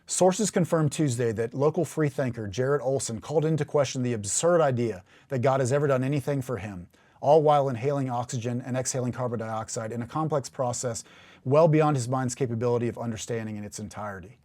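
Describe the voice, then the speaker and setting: Man, podcast host, casual Bible teacher, chatty, animated, slows down for dramatic scripture readings. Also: mid-range voice. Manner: chatty and animated, bursts of laughter and emphatic rises.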